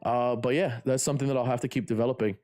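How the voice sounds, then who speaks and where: A male livestreamer in relaxed, unscripted chat. His voice sits at an ordinary middle pitch. He rambles through restarts and fillers and swears freely. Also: fast talker. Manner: rambling, profane, lots of fillers. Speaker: livestreamer and lifter.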